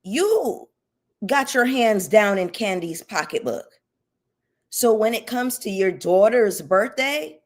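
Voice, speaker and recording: A woman's voice: medium pitch, slow pace. Sassy woman live-streaming gossip commentary. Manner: sassy, animated, greets viewers by name. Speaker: YouTube commentary host.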